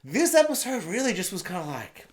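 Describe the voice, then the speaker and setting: Guy, TV recap vlogger on his own camera, chatty, self-mocking, voice a touch high. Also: big pitch swings, fairly quick, slight background noise. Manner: rambling, laughs often, self-deprecating. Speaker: TV review vlogger. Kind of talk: casual spoken review. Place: home room. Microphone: own camera setup.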